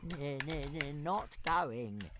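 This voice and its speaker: A man's voice: on the high side, lively intonation, drawn-out words, background noise, pitched above the performer's own voice. A man voicing a small, timid boy dragon who stammers on his words. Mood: pleading. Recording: loud keyboard typing behind.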